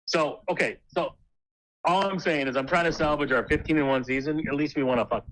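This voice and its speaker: Man, friend calling in, high and bright voice, teasing casual banter. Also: a little fast, poor audio. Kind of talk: casual chat.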